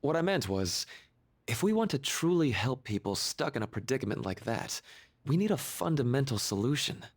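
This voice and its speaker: Soft-spoken counselor character for a game, slightly husky, thoughtful and apologetic. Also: male voice, medium pitch, sing-song, normal speed. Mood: musing. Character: gentle, thoughtful male school counselor.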